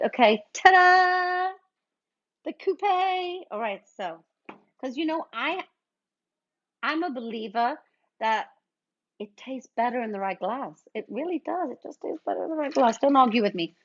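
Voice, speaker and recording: A woman's voice: fairly high pitch, lively intonation, normal speed, pauses often. A middle-aged woman casually chatting and greeting viewers while she mixes cocktails on a livestream. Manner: chatty, playful, reads out viewer names. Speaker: livestream bartender host. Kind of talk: casual livestream chat while mixing drinks. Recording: dull lo-fi stream audio.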